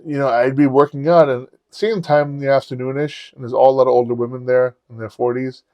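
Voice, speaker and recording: Guy hosting a podcast, swears a lot, acts out dialogue, middle pitch, dry close sound. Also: level tone, a little fast, dry recording, highs cut off. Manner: profane, rambling, acts out quotes. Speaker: podcast host. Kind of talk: casual storytelling.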